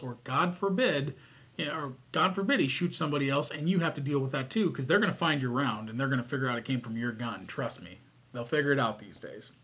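A man giving a casual, blunt talk on armed self-defense, swearing freely and acting out shouted commands. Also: on the high side, slightly rough. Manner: blunt, profane, acts out scenarios with shouted commands. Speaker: firearms self-defense instructor. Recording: dull lo-fi recording.

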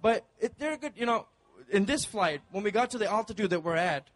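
A man's voice: high voice, lively intonation, fairly quick, a bit bright. A man from Dubai performing a stand-up comedy set with punchy, playful crowd work on a club stage.

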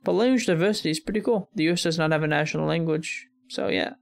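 American male reactor, slightly high gravelly voice, rambling musing commentary. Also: quick pace. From United States. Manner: musing aloud, chuckling often, thinking out loud with fillers. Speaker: reaction video host.

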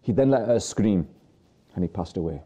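A man's voice: low voice, expressive, a little fast, dark tone, slightly rough. A man presenting a religious talk to viewers, earnestly preaching with rhetorical questions and repeated phrases.

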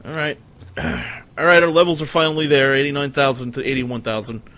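A man streaming a game who thinks out loud and swears with a dry, sardonic edge. His voice sits in an ordinary middle pitch, with faint noise behind. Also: animated, fairly quick. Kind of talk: casual gameplay commentary.

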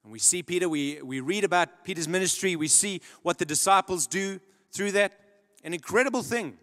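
A man preaching a sermon in earnest storytelling style, dropping to a hush and then rising to loud emphasis. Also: high-pitched, brisk. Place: large church hall. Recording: long church-hall reverb.

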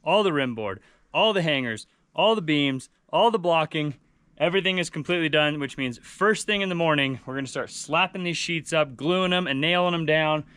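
A man's voice: fairly high pitch, normal speed, fairly bright tone, clean tone, no echo. A man hosting a vlog, giving upbeat, matter-of-fact updates in casual narration. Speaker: vlog host.

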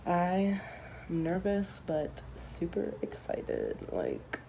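A young woman with a slightly low voice vlogs straight into her phone. She rambles candidly and swears freely. Faint noise hums under her voice. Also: wildly swooping pitch, takes it slowly, gravelly, warm tone. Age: young adult. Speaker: vlogger. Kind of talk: casual handheld vlog to camera. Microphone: handheld phone camera.

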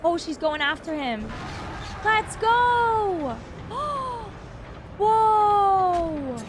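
Very high-pitched excitable woman reacting. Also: extremely slow, over loud music. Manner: excitable, gasps often, talks to viewers. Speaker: reaction video host.

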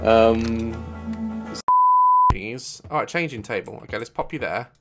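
A young woman on a headset, giving casual gaming commentary with crude jokes, giggles and loud exclamations. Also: very deep voice, unhurried, loud music behind the voice. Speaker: gaming video creator.

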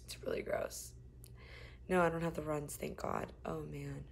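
A young woman streams from her phone in a shared apartment while feeling nauseous. She chats casually with viewers, her voice swinging from sudden loud bursts to low, weary murmurs. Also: fairly even intonation, moderate pace, creaky, a little hiss or hum. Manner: chatty, drifting between loud outbursts and tired murmurs. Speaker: live streamer. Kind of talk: casual live-stream chat reading comments.

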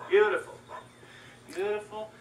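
A man voicing a mellow male rooster yoga teacher, slow and soothing, half singing his instructions in a children's yoga video. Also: sits high, fairly even intonation, background noise. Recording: roomy, distant, music behind.

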